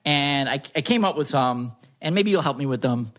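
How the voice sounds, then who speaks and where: A man co-hosting a podcast in casual chat, joking with mock-innocent deadpan denials. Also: mid-range voice, moderate pace. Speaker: podcast co-host.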